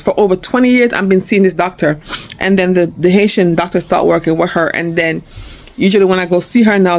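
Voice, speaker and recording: A middle-aged woman with a New York accent telling a personal story in a casual vlog, chatty and animated. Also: on the low side. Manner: animated, chatty, acts out quoted talk. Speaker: vlogger.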